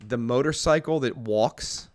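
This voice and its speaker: A man's voice: a little slow, crowd noise. A man co-hosting a podcast in casual chat, joking and swearing as he talks. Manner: joking, swearing, bouncing between high and low. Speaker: podcast co-host.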